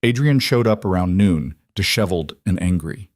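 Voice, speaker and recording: A man narrating a drama story in a measured, even storytelling manner. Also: sits low, no echo, clean studio sound. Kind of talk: scripted narration.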